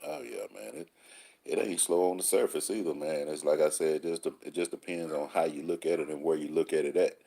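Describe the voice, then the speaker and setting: Very deep husky man, laid-back. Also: steady tone, a little fast, mellow. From Texas. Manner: laid-back street slang, rhyming sayings. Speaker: call-in show host. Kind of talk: casual monologue answering listeners.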